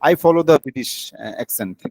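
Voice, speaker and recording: A man learning English, talking in a casual practice chat, halting with many fillers. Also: medium pitch, lively intonation, darkish tone, no echo.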